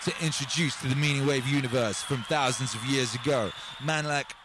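A man hosting a live music stream, chatting in an excitable, rambling way and breaking into shouts. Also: medium pitch, a little fast, very noisy. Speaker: music livestream host. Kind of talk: hyped live stream chat over music. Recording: music playing loudly behind.

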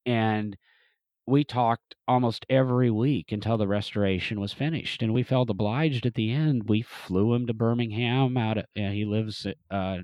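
A man's voice: fairly low pitch, moderate pace, a little mellow, no room sound. A man telling a long casual story about a car restoration, rambling with frequent restarts and fillers. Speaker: museum restoration specialist, podcast guest or host.

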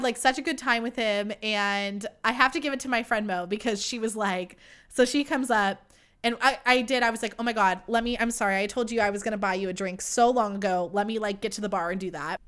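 A woman's voice: medium pitch, sharp tone, clean tone. Young woman host, casual storyteller, chatty and profane, mid-range voice. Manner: chatty, swearing, heavy use of "like". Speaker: podcast host.

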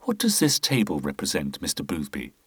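A man voicing a measured male police inspector who asks calm, pointed questions. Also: a bass voice, breathy edge, no echo, heavily acted. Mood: probing. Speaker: detective.

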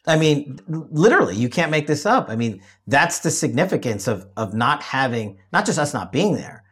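A man's voice: mid-range voice, very animated, normal speed, fairly bright tone, husky. A man hosting a political discussion show, talking emphatically and often restarting his phrases. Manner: emphatic, repeats himself when restarting. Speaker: show host.

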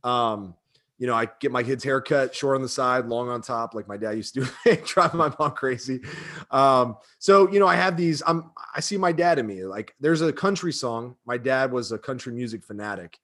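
A man's voice: mid-range voice, moderate pace, fairly bright tone. A man in his thirties talking casually and emotionally, with lots of fillers and rambling asides. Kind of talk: casual chat.

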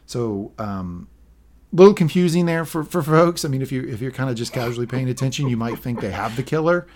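A man's voice: medium pitch, expressive, a little fast, a little mellow. A man co-hosting a podcast, casually recapping a TV episode and reading out quoted lines. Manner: narrates plot, reads quoted lines aloud. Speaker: podcast co-host.

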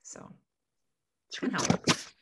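A woman's voice: moderate pace, very noisy. A woman guest on a podcast interview, a life coach talking over a video call and explaining through everyday examples.

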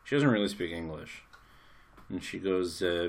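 A man's voice: sits low, fairly quick. An American man in his thirties, a podcast co-host telling jokey stories and acting out the voices of the people in them. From United States. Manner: animated, jokey storyteller acting out quotes. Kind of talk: casual storytelling chat.

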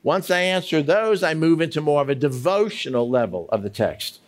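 A man with a fairly high voice that swings up and down a lot teaches a Bible study method. He keeps asking questions aloud and drags out key words to stress each one. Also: animated. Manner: emphatic, slows to stress single words; asks many questions aloud.

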